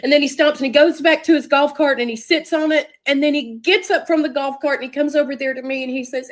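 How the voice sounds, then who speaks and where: A woman's voice: high-pitched, steady tone, fast talker, hardly any pauses. A woman telling a personal story earnestly, acting out what people said. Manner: earnest, tearful storytelling with acted-out quotes. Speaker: guest telling her story. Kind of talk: emotional personal testimony.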